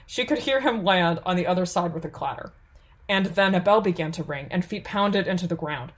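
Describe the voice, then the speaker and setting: Steady, lower-voiced woman narrator. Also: brisk. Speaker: audiobook narrator. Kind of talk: audiobook narration.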